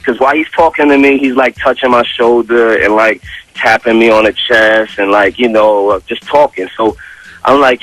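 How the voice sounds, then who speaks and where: A man's voice: medium pitch, moderate pace, no echo, poor audio. Man retelling a scuffle in slangy detail. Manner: animated, slangy and profane retelling. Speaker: guest on a radio show. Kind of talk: casual storytelling. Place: radio studio.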